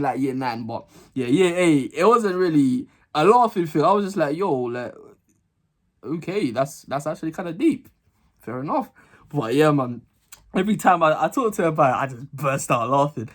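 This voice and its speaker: A young man telling a school story to his channel, acting out the voices and laughing often. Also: high-pitched. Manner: animated, acts out dialogue, laughs a lot. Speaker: vlogger. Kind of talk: casual storytime.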